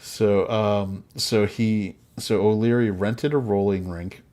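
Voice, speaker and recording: Low-voiced man telling a story, joking. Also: steady tone, slow, warm tone. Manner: laughs often, jokey asides. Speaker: podcast host. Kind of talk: casual storytelling chat.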